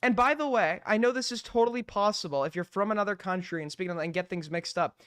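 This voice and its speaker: A man's voice: high-pitched, fast talker, fairly bright tone, clear, resonant tone, dry recording, studio quality. A man ranting through a live stream commentary, exasperated and full of swearing.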